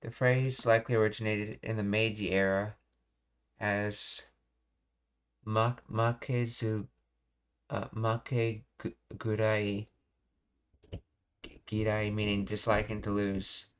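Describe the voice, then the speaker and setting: Low, flat-voiced man teaching slowly. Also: smooth. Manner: halting, reads explanations aloud with frequent restarts. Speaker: Japanese teacher streamer. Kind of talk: live-streamed language lesson.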